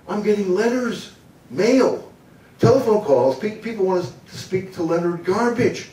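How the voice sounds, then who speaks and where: An older man from the United States tells an animated story on stage, now and then dropping into a booming announcer voice and chuckling at his own lines. His voice carries through an echoey hall and comes across a little distant from the mic, with a faint background hiss. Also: normal speed. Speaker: motivational humor speaker. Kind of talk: storytelling keynote talk.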